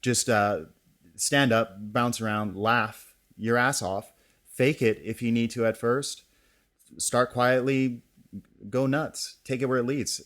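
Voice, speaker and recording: A man co-hosting a podcast in casual chat, relaxed and searching for words as he speaks. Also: mid-range voice, slow. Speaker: podcast co-host.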